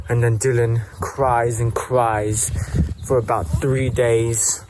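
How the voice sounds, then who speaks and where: A man's voice: mid-range voice, flat delivery, takes it slowly, background noise. A man, a camp counselor, telling a story in a playful way, often correcting himself mid-sentence. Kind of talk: casual storytelling.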